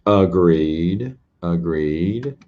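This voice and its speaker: Rambling low-voiced man on a late stream. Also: animated, drawn-out words, dull audio. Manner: rambling, self-deprecating, laughs often. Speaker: host answering viewers' questions. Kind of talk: casual late-night live-stream chat.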